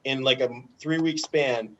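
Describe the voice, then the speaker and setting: Man, casual storyteller, rambling, chuckling, average pitch, muffled lo-fi recording. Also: normal speed, fairly bright tone, a little hiss or hum. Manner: rambling anecdotes, often laughing. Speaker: former pro hockey player and guest. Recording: dull lo-fi audio.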